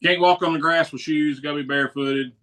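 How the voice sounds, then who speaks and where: A man's voice: a little high, fairly even intonation, fairly quick, a bit bright. A man co-hosting a radio show, teasing and joking in casual chat. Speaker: radio co-host.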